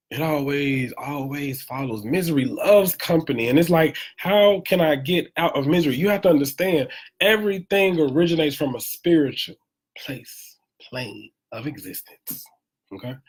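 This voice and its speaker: Here a man with a higher voice and a breathy edge goes live from home with an animated, preachy motivational talk in a casual tone, driving points home by repeating phrases.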